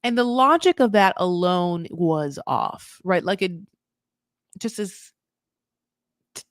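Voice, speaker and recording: A woman's voice: lowish voice, expressive, slow pace, no room sound, clean studio sound. A woman hosting a casual reality TV recap, chatty and swearing freely as she acts out what people said.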